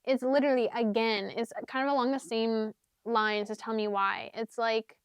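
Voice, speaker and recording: In a loose, chatty ramble stuffed with "like"s and fillers, a young book vlogger runs through her book picks and now and then half-sings a lyric. Her slightly high voice is smooth and clear, with fairly even intonation, a moderate pace, and few pauses. The sound is dry and close, with no room or echo.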